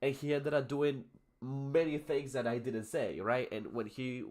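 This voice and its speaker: Young guy w/ spanish accent doing a livestream english lesson, reads a text then rambles off, lots of uhs and restarts, medium pitch. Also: steady tone, measured pace, darkish tone. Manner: rambling, many fillers and self-corrections. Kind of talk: casual livestream lesson, reading aloud and chatting.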